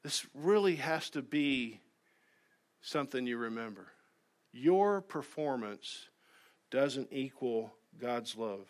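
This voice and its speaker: A man preaching a sermon as pastor. He talks earnestly, dropping to soft asides and then rising to loud, emphatic exhortation. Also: medium pitch, animated, slow pace. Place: church sanctuary.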